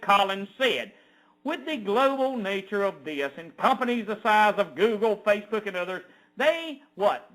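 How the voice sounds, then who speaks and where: Man, very high voice, bright and forceful, indignant ranting commentary, sarcastic. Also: poor audio. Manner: indignant, emotional, sarcastic, swinging from loud to low. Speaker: online news commentator and preacher. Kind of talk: ranting commentary reading a news article aloud.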